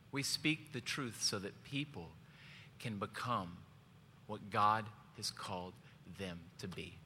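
A man's voice: lowish voice, takes it slowly, bright, forceful tone. A male pastor preaching a sermon in a church, joking, telling a personal story and asking the congregation questions. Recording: long hall reverb, faint background noise.

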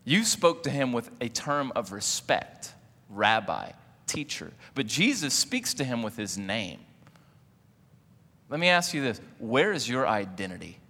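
A man's voice: mid-range voice, big pitch swings, measured pace, pushed and bright, slightly rough, in a large hall. A man preaching a sermon in a casual, joking way, often putting questions to the congregation. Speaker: pastor.

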